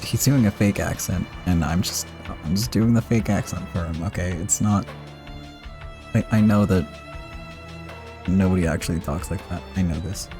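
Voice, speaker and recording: Low-voiced man streaming a game. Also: normal speed, over music. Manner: self-deprecating, rambling asides. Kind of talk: casual let's-play commentary.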